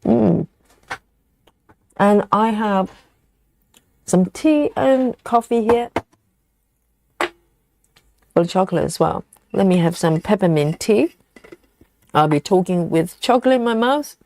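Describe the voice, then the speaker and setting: Creaky-voiced woman chatting on a live stream. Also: medium pitch, lively intonation, slow, long pauses, darkish tone, a little hiss or hum. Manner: chatty, reads viewer comments aloud. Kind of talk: casual live-stream chat.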